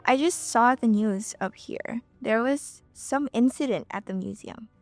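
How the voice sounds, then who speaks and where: A man's voice: extremely high pitch, no echo, faint music behind, voice pushed up. A man voicing a worried woman who blurts out anxious questions, raising his voice far above his own. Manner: anxious, rushed.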